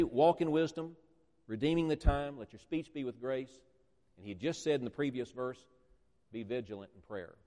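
A man's voice: medium pitch, darkish tone. Emphatic male preacher in an echoey hall. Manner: emphatic, repeats phrases, stretches words for emphasis. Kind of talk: sermon.

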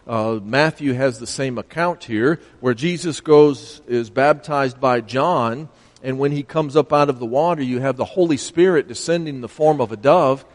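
A male preacher gives a sermon, reading scripture aloud and explaining it, sometimes stumbling on a word. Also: a little high. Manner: stumbles on words and asks the audience for help. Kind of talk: sermon Bible teaching. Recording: long hall reverb.

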